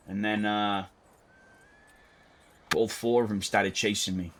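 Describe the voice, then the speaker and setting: A man's voice: on the low side, measured pace, long pauses. A man playing a character in an online roleplay game, telling a wild story with lots of swearing and acted-out quotes. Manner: animated, profane storyteller who acts out quotes.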